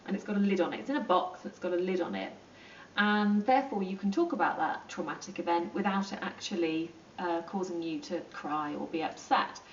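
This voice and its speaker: A chatty woman psychology teacher gives an informal lesson to camera, full of ums and quick acted-out asides. Her voice is lowish, and the echoey room makes the recording roomy, distant and dull, with slight background noise.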